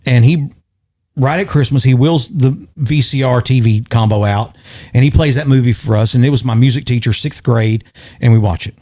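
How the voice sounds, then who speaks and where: A man's voice: mid-range voice, normal speed, warm tone. A man co-hosting a podcast, telling long rambling stories in casual chat and chuckling often. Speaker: podcast co-host.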